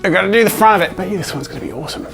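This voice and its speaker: A man hosting a comedic art challenge vlog, joking with viewers in a self-mocking way and now and then shouting from excitement. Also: high voice, very fast, vocal fry. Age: adult. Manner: playful, self-mocking, jokey asides to viewers. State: physically tired from drawing with a long pole. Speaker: art YouTuber. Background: faint background music.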